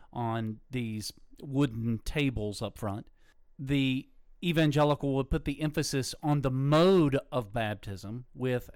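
Pastor guy chiming in on a sermon, normal pitch, dry sound. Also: darkish tone, smooth, no echo. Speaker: Lutheran pastor co-host. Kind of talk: discussing a sermon recording.

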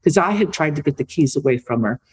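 A middle-aged woman, an author and podcast guest, telling a family story in a lively conversational way. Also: low-pitched, fast talker, husky, rough recording. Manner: lively anecdotal storytelling, repeats for emphasis.

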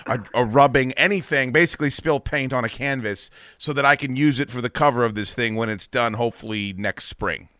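A man's voice: medium pitch, a little fast, hardly any pauses, bright, forceful tone, no echo, studio quality. A man hosting a podcast, chatting casually with a guest, swearing and laughing easily. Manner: swearing, laughing, self-deprecating. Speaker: podcast host. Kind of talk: casual interview chat.

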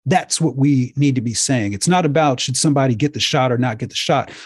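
A man giving an impassioned lecture-style talk to viewers, emphatic and repetitive, his voice getting hoarse. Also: medium pitch, fairly quick, no room sound. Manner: emphatic, preachy, repeats himself. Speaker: speaker addressing viewers.

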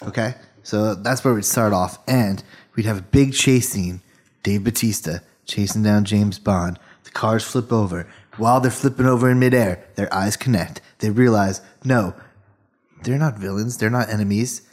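Deadpan male podcast co-host. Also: on the low side, moderate pace. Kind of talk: casual comedic chat.

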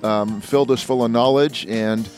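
A man's voice: medium pitch, fairly even intonation, normal speed, darkish tone, soft background music. A male podcast host in casual interview chat, friendly and chatty with hesitant fillers.

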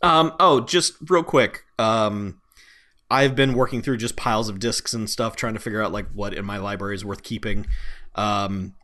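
A man co-hosting a casual movie podcast, relaxed and laughing often, with some swearing. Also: on the low side, normal speed. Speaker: podcast co-host.

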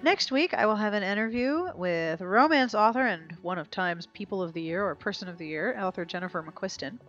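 A woman's voice: medium pitch, a little fast, a bit bright, dull audio, soft background music. A woman hosting a podcast outro, chatty and upbeat, her voice stuffy and snotty after the flu. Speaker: podcast host.

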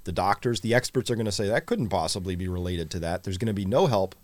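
A man with a fairly low voice co-hosts a casual talk show, talking in an easy, conversational way. The sound is dry and close, with no room around it. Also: fast, no room sound. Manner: conversational, reads viewer comments aloud. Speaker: podcast co-host. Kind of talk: casual chat with live audience.

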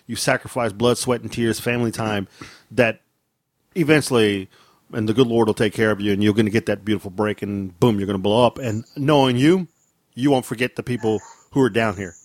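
A man's voice: lowish voice, steady tone, brisk, no echo. A man in a podcast chat giving earnest, heartfelt praise with loose phrasing.

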